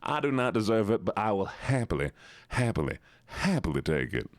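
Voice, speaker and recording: A playful man chats with his stream audience in a put-on Southern drawl, repeating words and laughing easily. His voice leaps around a lot in pitch. The sound is dry and close. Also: sing-song, normal speed, dry recording. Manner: putting on a Southern drawl for a viewer redeem. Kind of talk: casual live-stream chat.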